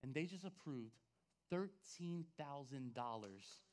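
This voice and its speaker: A man, a pastor, telling a personal story in a sermon, swinging between hushed asides and loud, animated outbursts. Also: medium pitch, slow. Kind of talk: sermon testimony.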